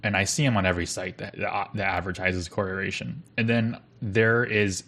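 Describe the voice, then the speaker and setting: A young man with a fairly low voice tells a story on a podcast. His delivery is casual and rambling, packed with fillers and restarts. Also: fairly even intonation, moderate pace, fairly bright tone. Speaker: podcast co-host.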